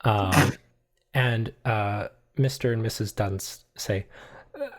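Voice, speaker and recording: Woman, game master, very deep voice, slow, relaxed narration, fillers.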